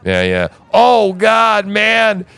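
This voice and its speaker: A man's voice: sits high, huge pitch swings, very slow, vocal fry, a bit bright, clean tone, no echo. A man co-hosting a podcast, telling a story in casual, profane chat, often laughing and mimicking voices. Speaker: podcast co-host.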